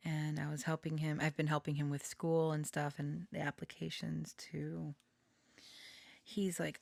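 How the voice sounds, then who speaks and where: A woman's voice: low voice, steady tone, moderate pace, gravelly, darkish tone, no room sound. A young woman hosting a casual, rambling chat, laughing often and sometimes dropping to a whisper. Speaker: podcast host.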